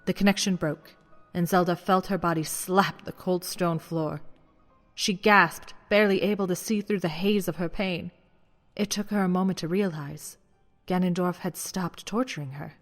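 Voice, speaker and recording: Man narrating a dark audiobook. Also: sits high, steady tone, moderate pace, soft background music. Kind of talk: scripted narration.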